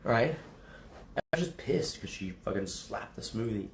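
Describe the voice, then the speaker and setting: A man's voice: lowish voice, expressive, moderate pace, echoey room, background noise. A man livestreaming casual chat to his viewers, rambling and swearing, often laughing. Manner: rambling, profane, laughs a lot.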